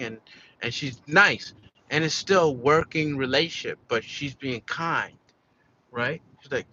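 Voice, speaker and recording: A man's voice: fairly high pitch, normal speed, sharp tone, lo-fi sound, a little hiss or hum. An American man venting casually in a candid, profane, rambling monologue, full of restarts. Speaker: vlogger.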